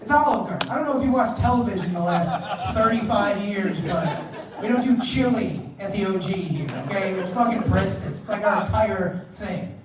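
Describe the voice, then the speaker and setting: A man's voice: sits high, normal speed. A man doing a brash, profane stand-up set, then bringing up the next comic as emcee. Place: comedy club stage. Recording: echoey club room from a distance, crowd.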